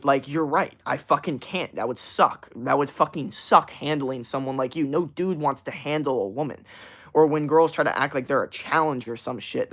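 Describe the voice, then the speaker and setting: A man's voice: medium pitch, fairly bright tone. A male livestream host on a loose, profane rant, blunt and combative. His delivery is casual and heated, full of filler words and curses.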